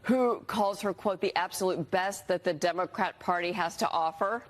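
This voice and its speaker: Female cable news anchor, low pitch, vocal fry, scripted read. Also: normal speed. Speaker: news host.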